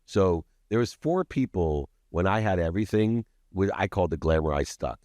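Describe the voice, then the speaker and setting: A man with a very low voice recounts his life story as a podcast guest, with intense, confessional emphasis. The sound is close and dry. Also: expressive, normal speed, a little mellow, dry recording. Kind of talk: personal storytelling in an interview.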